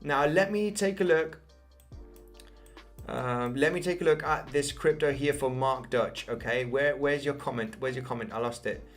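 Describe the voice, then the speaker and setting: A man's voice: mid-range voice, normal speed, soft background music. A young man from Spain with an English accent picked up from his mother, hosting a live crypto chart stream and answering chat with many fillers and restarts. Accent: English, picked up from an Isle of Man mother. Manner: repetitive, many fillers and restarts, addresses viewers as guys. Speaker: crypto livestream host.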